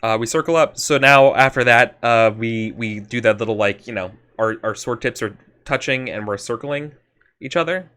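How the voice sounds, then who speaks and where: A man's voice: medium pitch, normal speed, bright, forceful tone. A man playing a tabletop role-playing game, talking casually with many fillers and restarts. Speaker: player.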